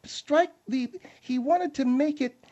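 A man's voice: extremely high pitch, slow pace, warm tone. Man doing a pompous general, rambles and trips over words, kinda muffled audio. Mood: lecturing. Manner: pompous, blustering, stumbling. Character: pompous self-assured male general on a radio show.

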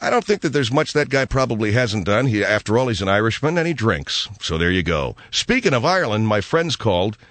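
A man's voice: fairly low pitch, big pitch swings, a little fast, few pauses, a bit bright, dry recording. A man hosting a comedy radio talk show, grumpy and sarcastic, rambling through stories.

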